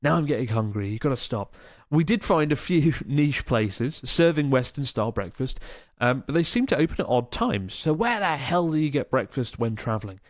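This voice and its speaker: A man's voice: mid-range voice, expressive, moderate pace, few pauses, no room sound, clean studio sound. A man co-hosting a casual podcast, reading out listener emails and chatting enthusiastically, swearing casually now and then.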